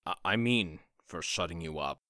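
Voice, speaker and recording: A man's voice: low-pitched, expressive, moderate pace, pushed and bright, no echo, studio quality. A man voicing a stern male fox general and protective father in an audio drama, commanding and harsh.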